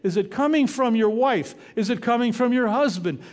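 A man's voice: extremely high pitch, animated, moderate pace, few pauses, a little mellow. A middle-aged man preaching a sermon, telling a story with emphatic asides to the congregation. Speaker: pastor.

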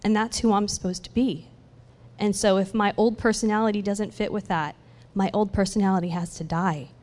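A woman sharing a personal faith testimony in an animated storytelling way, acting out the conversations she describes. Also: mid-range voice, fairly quick. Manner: animated storytelling that acts out dialogue, with laughs. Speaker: church speaker sharing a testimony. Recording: long hall reverb.

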